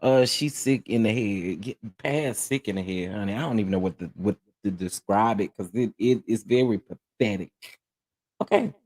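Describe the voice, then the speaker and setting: A man hosting a live gossip commentary stream, sassy and animated, laughing often and checking in with his viewers. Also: lowish voice, moderate pace. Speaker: host of a gossip commentary livestream.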